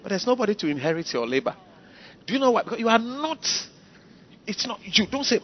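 A man preaches with a high, animated voice that swoops up and down as he drives his points home. He repeats key phrases for the congregation. The recording sounds dull and lo-fi. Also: fast. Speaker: pastor. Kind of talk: sermon.

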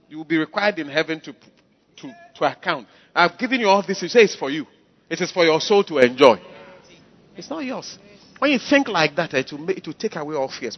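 A man preaching a sermon, emphatic and repeating phrases to the congregation. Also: a little high. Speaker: pastor. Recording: dull lo-fi sound.

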